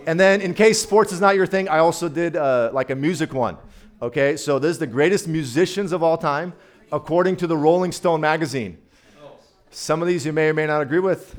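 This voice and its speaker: A man giving a casual sermon as guest preacher, chatty and playful, talking straight to his audience. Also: a little high.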